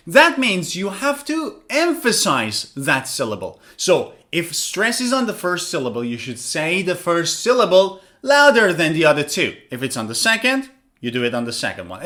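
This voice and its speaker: Man, English pronunciation teacher, high voice, very animated melody, slow drilled examples. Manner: lively and animated, drills words slowly for repetition. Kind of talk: online video lesson.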